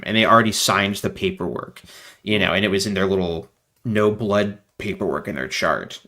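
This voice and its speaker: Appearing as a guest on a casual video-call interview, a low-voiced man rambles animatedly, leaning heavily on fillers.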